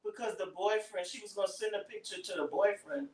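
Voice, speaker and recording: A man's voice: sits high, flat delivery, a little fast. A man co-hosting a podcast in casual chat, mostly reacting with short interjections. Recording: echoey room.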